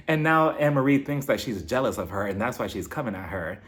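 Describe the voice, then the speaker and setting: A man casually recapping a reality TV episode, animated and gossipy, laughing often as he retells the drama. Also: mid-range voice, a little fast, few pauses.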